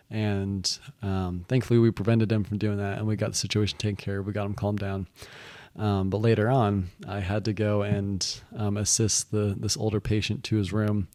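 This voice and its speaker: A young man recounts his work stories in a casual, rambling monologue, with constant restarts and "he's like" asides. His voice sits low and stays quite flat in pitch. The recording is dry and close, with no room sound. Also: no echo. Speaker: vlogger recounting work experiences.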